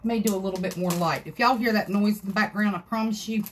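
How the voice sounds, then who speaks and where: A woman's voice: mid-range voice, fairly even intonation, fast, slight background noise. A woman hosting a live craft tutorial from her home craft room, chatting folksily with viewers as she works. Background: dogs scratching in another room.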